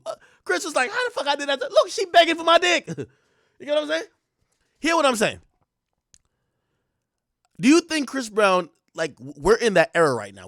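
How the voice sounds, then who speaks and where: A young man ranting in a casual, profane way, laughing and breaking into loud bursts as he comments. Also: extremely high pitch, dry recording, studio quality. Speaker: streamer and commentator. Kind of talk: casual rant.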